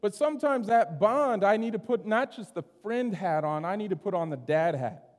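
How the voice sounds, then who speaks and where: A middle-aged man preaching a sermon in a church sanctuary, telling stories in a relaxed, conversational way and often checking in with "right?". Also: sits high, normal speed. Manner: conversational, storytelling, keeps asking "right?". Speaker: pastor. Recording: long hall reverb.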